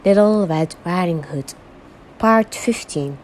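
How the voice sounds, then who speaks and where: Very slow, careful female English teacher. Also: medium pitch, expressive, a little mellow, poor audio. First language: Arabic. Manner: says each vocabulary word twice, clearly and carefully. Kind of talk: slow read-aloud English lesson.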